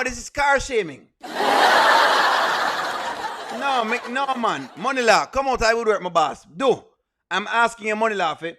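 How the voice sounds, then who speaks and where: A Jamaican-accented man hosts a live reaction stream, playfully pleading with viewers and laughing often. His voice sits high, pushed and bright, fitting a streamer and show host.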